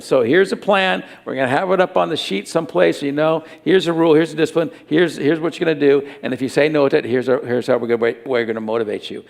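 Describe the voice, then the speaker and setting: A man preaching a sermon as pastor, earnest and repetitive, often dropping into soft tones. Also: a little high, fairly even intonation, quick pace, gravelly, hardly any pauses. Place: church hall. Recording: church hall with long reverb.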